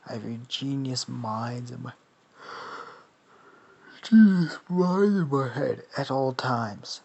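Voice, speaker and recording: A man voicing a protective, tactical alien symbiote, speaking low and hushed. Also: expressive, slow pace, vocal fry, highs cut off, full character voice. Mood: stern.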